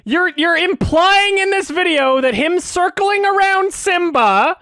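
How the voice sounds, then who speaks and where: A woman's voice: extremely high pitch, lively intonation, a little slow, fairly bright tone, dry recording, studio quality. A woman streamer giving angry reaction commentary, ranting, indignant and sarcastic, repeating her questions.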